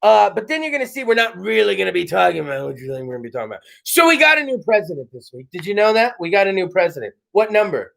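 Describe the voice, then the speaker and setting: Brief: male host, rowdy and jokey, strikingly high-pitched. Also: very animated, very fast, vocal fry, hardly any pauses. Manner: loud, joking, rowdy. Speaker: podcast host. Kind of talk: casual comedic chat show. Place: home studio.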